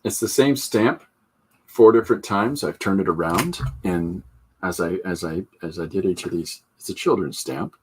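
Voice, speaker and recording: Low husky-voiced man demoing comic art. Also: normal speed, a little mellow. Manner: rambling and jokey, many fillers and restarts. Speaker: comic artist hosting a live drawing stream. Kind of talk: casual live drawing demonstration.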